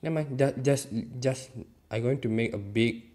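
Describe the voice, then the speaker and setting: A man giving casual let's-play commentary in non-native, ungrammatical English, talking to himself with sudden loud outbursts. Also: mid-range voice, moderate pace. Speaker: gaming YouTuber.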